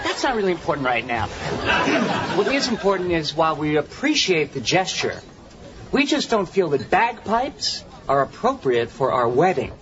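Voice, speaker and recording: A man's voice: on the high side, sing-song, moderate pace, a crowd in the background, noisy background. An actor playing a sarcastic, awkward young man who talks in a dry way. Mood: wry. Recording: dull TV audio with loud audience laughter.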